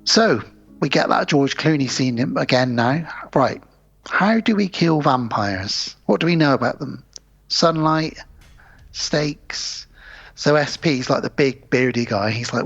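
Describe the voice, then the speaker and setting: A man's voice: medium pitch, unhurried, gravelly, a bit bright, muffled recording. A man co-hosting a podcast, retelling a film scene by scene in casual chat and acting out the characters' lines. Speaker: podcast co-host.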